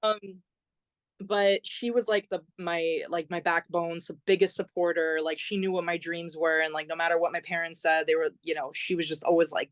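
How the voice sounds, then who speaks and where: A woman's voice: fairly low pitch, steady tone, normal speed, no echo. A young adult woman, a podcast guest, chatting and telling her story with lots of fillers and acted-out quotes. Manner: chatty, many fillers, acts out quoted dialogue. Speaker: podcast guest, singer-songwriter. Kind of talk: conversational storytelling.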